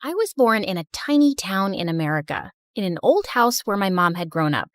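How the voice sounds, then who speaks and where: A woman narrating a first-person animated story in a confessional storytelling manner. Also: medium pitch, fairly quick, no room sound, studio quality.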